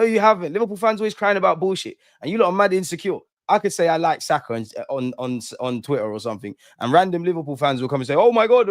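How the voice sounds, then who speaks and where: A man's voice: a little high, dry recording, studio quality. A young man hosting a live fan stream, ranting heatedly and repeating lines for emphasis. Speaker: fan channel host.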